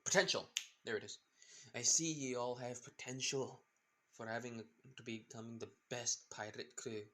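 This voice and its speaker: A man's voice: mid-range voice, very animated, measured pace, vocal fry, a bit bright, exaggerated voice. A man voicing a swaggering male pirate captain in a clumsy, half-Scottish pirate accent, rambling and hunting for words. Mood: breezy. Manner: rambling, searching for words mid-line.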